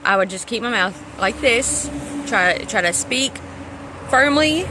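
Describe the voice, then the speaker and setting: A woman's voice: a little high, animated, a little slow, background noise. A woman telling a rambling personal story to camera, swearing freely and stopping to restart her sentences. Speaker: vlogger. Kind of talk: casual storytelling.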